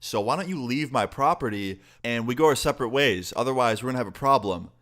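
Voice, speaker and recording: Brief: young male vlogger, mid-pitched, casual profane story narration. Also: fast. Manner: profane, animated, quotes people with pitch jumps.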